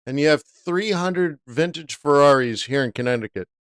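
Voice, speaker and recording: A middle-aged man tells a story casually during a livestream, loose and meandering, tossing in fillers as he goes. His voice is smooth and clear, recorded dry and close with no room sound. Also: a little high, moderate pace, a bit bright, no echo. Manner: laid-back and rambling, with "dude" and "right?" fillers. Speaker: forex trading livestream host.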